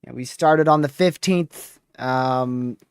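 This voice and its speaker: Exhausted stream guy yawning thru a recap, smooth clean voice, super dry mic. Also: mid-range voice, slow pace, no room sound. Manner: rambling, relaxed recap with fillers. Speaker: storm chaser livestream host. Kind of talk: casual livestream chat.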